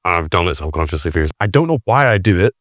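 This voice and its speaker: A Scottish man with a fairly low voice chats as a podcast guest. He tells his stories in a lively way and often restarts his sentences. The sound is close and dry. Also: fast, no room sound. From Scotland. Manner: animated storytelling with many restarts. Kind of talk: casual conversation.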